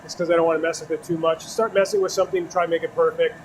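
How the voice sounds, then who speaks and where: A man from Wisconsin with a Wisconsin accent talks casually as he works at glassblowing. His voice sits a little on the high side. He is relaxed and laughs easily between remarks. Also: racing, slight background noise. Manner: relaxed, laughs often, chats while working. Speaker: glassblower streaming his work. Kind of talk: casual livestream chat while working. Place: glassblowing studio.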